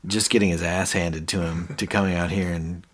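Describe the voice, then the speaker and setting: Husky man animatedly retelling a TV scene. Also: deep voice, a little fast. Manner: animated retelling, quoting characters with rising energy. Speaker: podcast co-host. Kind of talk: casual chat recapping a TV episode.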